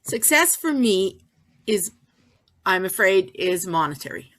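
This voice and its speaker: A woman's voice: mid-range voice, very animated, unhurried, fairly bright tone. A woman from Canada at a writers' workshop, speaking hesitantly and with self-deprecation. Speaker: workshop participant. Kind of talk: casual chat.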